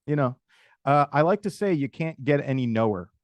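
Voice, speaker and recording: A man's voice: mid-range voice, expressive, moderate pace, no room sound. A man hosting a live webinar on video call, coaching sales agents and improvising sample messages while calling on attendees by name.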